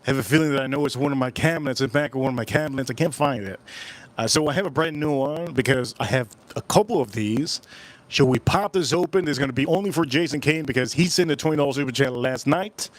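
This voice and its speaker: A man's voice: medium pitch, quick pace. A man hosting a casual livestream, rambling and repeating his phrases as he chats with viewers at home. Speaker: livestream host.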